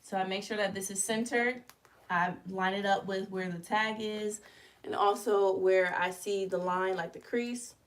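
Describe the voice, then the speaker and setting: Her voice is medium-pitched, steady in tone and unhurried. She's running a laid-back live stream from her living room, talking straight to viewers and describing each step of the merch she's crafting.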